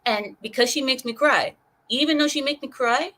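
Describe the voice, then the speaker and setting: A woman's voice: high-pitched, moderate pace, sharp tone. A woman hosting a casual livestream, reading chat comments aloud in a chatty, rambling way and laughing often.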